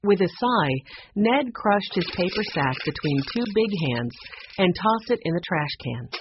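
An audiobook reader narrating a children's chapter book in an expressive, storytelling manner. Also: mid-range voice, a little slow, background noise. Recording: muffled lo-fi audiobook recording.

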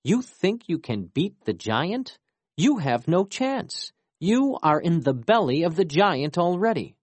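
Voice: mid-range voice, sing-song, unhurried, a little mellow, no room sound, pitched above the performer's own voice. A storyteller voicing a trapped woman who teases and knows more than the hero. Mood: teasing. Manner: teasing, knowing. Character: mocking trapped woman in a giant's belly.

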